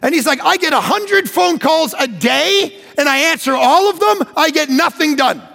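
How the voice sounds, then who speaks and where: A pastor preaching a sermon, joking and acting out little conversations in an animated way. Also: male voice, extremely high pitch, moderate pace, vocal fry, big-room sound. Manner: animated, joking, acts out dialogue.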